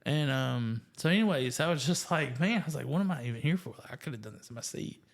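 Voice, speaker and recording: A man shares his faith story with friends in casual storytelling. His delivery is animated and self-deprecating, and he leans heavily on fillers as he talks. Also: mid-range voice, fast talker, creaky. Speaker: guest sharing testimony.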